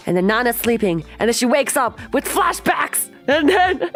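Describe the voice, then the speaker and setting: A woman's voice: fairly high pitch, very animated, moderate pace, hardly any pauses. A young woman streamer animatedly retelling a music video's story in casual chat, stringing along with repeated "and then"s.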